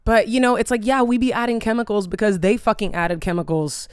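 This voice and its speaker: Very smooth-voiced rambling young woman. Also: mid-range voice, fairly even intonation, fairly quick, no room sound, studio quality. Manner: chatty, tangent-prone, loses her train of thought; swears casually, lots of "like" and "um". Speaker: vlogger. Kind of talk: casual rambling chat to camera.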